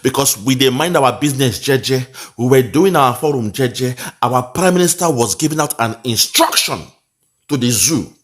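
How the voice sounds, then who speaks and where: A man's voice: mid-range voice, moderate pace. Mocking Nigerian man commenting on a video. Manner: mocking, preachy, with pidgin asides.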